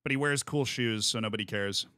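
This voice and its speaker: A man's voice: fairly low pitch, a little fast, pushed and bright, smooth, no room sound, studio quality. An American man hosting a stream, chatting casually in a rambling, playful way that keeps interrupting itself. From United States. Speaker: streamer host. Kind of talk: casual chat.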